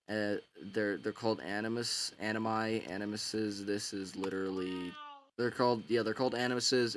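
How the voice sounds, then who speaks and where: A man's voice: on the low side, a little hiss or hum. A man casually retelling a book's story in a rambling, slangy way, full of filler words. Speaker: book summarizer.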